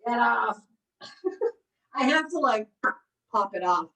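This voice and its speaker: A woman's voice: a little high, big pitch swings, takes it slowly, pushed and bright, far from the mic, rough recording. Bubbly woman teaching a cooking class. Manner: bubbly and encouraging, laughs often. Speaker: recreation therapy cooking instructor. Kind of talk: live online cooking class.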